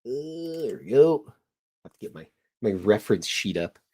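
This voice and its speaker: A middle-aged man with a low, deep voice rambles along in relaxed, casual chat as he draws. He slips into jokes and teasing jabs at himself, and his talk wanders from one topic to the next. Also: moderate pace, a little hiss or hum. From Canada. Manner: joking, self-deprecating, meandering. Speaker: podcast host and cartoonist.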